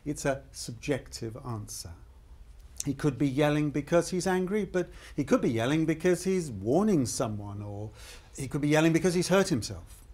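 An actor playing an upbeat game show host in a scripted training video, speaking. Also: male voice, on the high side, animated, moderate pace, darkish tone. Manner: upbeat, emphatic presenter.

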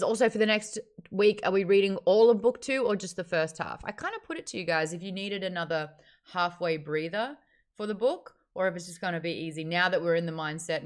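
A woman runs a live book club stream in a casual, chatty way. Her voice sits on the lower side for a woman. She reads out viewer names and comments with a lot of bounce. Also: fairly bright tone.

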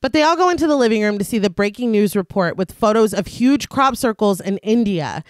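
A woman's voice: mid-range voice, lively intonation, brisk, dry recording. Woman podcaster, plot recap, casual and laughing, dry close sound. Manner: reads plot summary, laughs often. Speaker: podcast co-host. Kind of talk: casual recap narration of a film.

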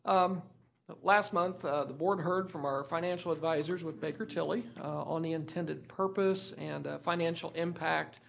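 A man's voice: a little high, steady tone, moderate pace, creaky, fairly bright tone, slight background noise. A man, a school superintendent who says he is losing his voice, presenting items at a school board meeting with many filler words and restarts. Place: meeting room.

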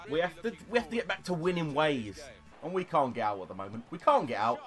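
A young man commentating his own football video game, excitable, shouting at goals and swearing. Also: on the high side, fast talker, soft background music. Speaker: gaming YouTuber. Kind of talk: gameplay commentary. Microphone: desktop USB microphone.

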